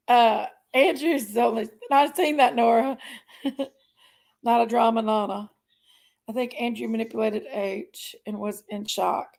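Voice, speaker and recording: Woman, live stream host, slightly hoarse, gravelly, rather high voice, rambling casual chat. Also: fairly even intonation, slow, pauses often, a little mellow, rough recording. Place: home, on a couch.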